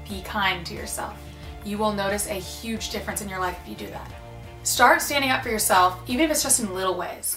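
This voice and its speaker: A woman's voice: medium pitch, fairly bright tone. Earnest young woman giving encouraging advice. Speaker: advice speaker. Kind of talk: casual advice talk. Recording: echoey room with faint music.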